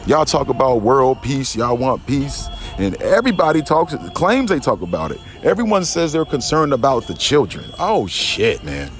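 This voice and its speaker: Male, mid-pitch, profane and emphatic, rambling outdoor spiritual monologue with a faint music bed. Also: huge pitch swings, normal speed, hardly any pauses. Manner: profane, emphatic, repeats himself, frequent restarts. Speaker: podcast host. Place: outdoors in a garden.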